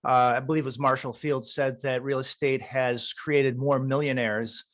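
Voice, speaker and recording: A man's voice: mid-range voice, fairly even intonation, moderate pace, a bit bright. Enthusiastic male podcast host. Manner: enthusiastic, encouraging, laughs often. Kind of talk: casual interview.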